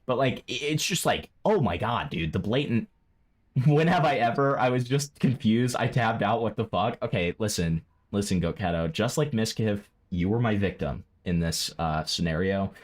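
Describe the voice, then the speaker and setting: A man streaming live, reacting to clips with profane, excitable commentary that jumps into loud, high outbursts. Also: moderate pace.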